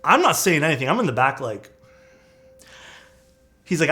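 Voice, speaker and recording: A man streaming live, chatting casually and telling a story in a loose, profane, animated way. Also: a little high, moderate pace. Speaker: streamer building keyboards. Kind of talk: casual livestream chat and storytelling.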